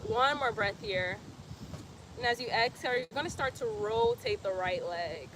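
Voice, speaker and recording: Over a noisy background, a woman with a slightly high, sing-song voice speaks at a moderate pace. She's a yoga instructor leading a live-streamed outdoor class, reading comments playfully, chatting, laughing often and giving breathy cues.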